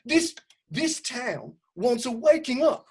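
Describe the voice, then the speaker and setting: A woman's voice: fairly high pitch, sing-song, slow, darkish tone, slightly rough, exaggerated voice. A woman playing a pompous, blustering male aristocrat official with a put-on upper-class English accent, in a comic stage reading. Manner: indignant, self-important, prone to outbursts. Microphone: home setup, remote quarantine recording.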